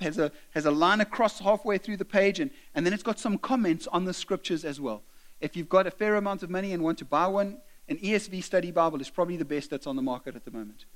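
A man's voice: sits high, fairly bright tone. A middle-aged man preaching a sermon, urging his listeners directly and slipping into conversational asides and stories.

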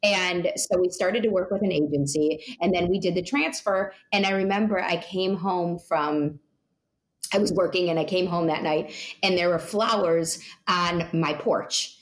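Woman, 30s, lower register; interview guest recounting her story, loose and rambling, many fillers. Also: unhurried. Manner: rambling, many "you know" asides and restarts. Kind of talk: personal storytelling.

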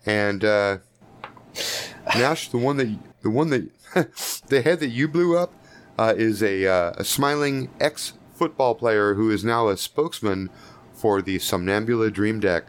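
A man's voice: lowish voice, a little slow. A man narrating as game master in a tabletop game, in a loose, profane, chuckling way.

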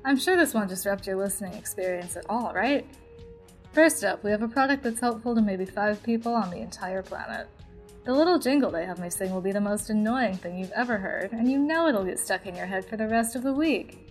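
Woman, podcast host parody, smug, sarcastic, comedic monologue, soft music behind. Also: mid-range voice, expressive, a little fast, low-quality recording. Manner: smug, self-absorbed, sarcastic.

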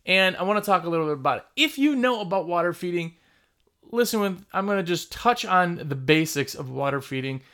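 A man's voice: sits high, lively intonation, brisk, a bit bright. A man hosting a casual video about his trade, talking bluntly and emphatically, often repeating himself. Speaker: window cleaning business owner and video host. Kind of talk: casual vlog talk.

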